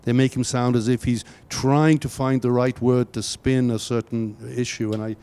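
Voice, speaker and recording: A man's voice: medium pitch, flat delivery, moderate pace, mellow, clean tone. An older man presenting a university workshop, speaking with emphatic stammering restarts. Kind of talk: workshop teaching.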